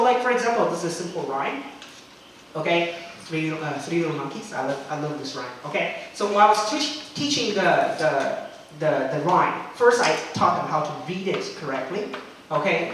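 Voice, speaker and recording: A man's voice: on the high side, fairly bright tone, slight background noise. Man, chatty teacher trainer; recorded far off in a very echoey room. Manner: chatty, frequent "okay?" checks, demonstrates chants. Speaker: English teacher.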